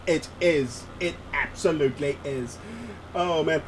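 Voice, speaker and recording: A man's voice: high-pitched, lively intonation, measured pace, a little hiss or hum. A man, chatting live with viewers while streaming a flight sim, joking and laughing often as he reads the chat aloud.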